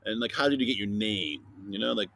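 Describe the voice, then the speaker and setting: A man hosting a casual science podcast for kids, playfully interviewing a silent guest and filling pauses with chatter. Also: fairly low pitch, animated, gravelly, a bit bright. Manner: chatty with many fillers. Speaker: podcast host.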